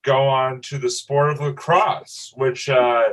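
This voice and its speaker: A man's voice: mid-range voice, steady tone, slow, poor audio. Easygoing man co-hosting a sports podcast. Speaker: podcast co-host. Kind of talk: casual sports history chat.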